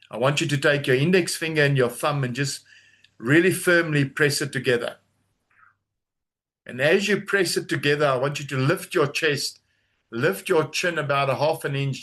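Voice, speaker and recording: A man leading a guided grounding exercise on a video call, giving slow, calm, soothing instructions with long pauses. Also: mid-range voice. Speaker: trauma coach leading a webinar.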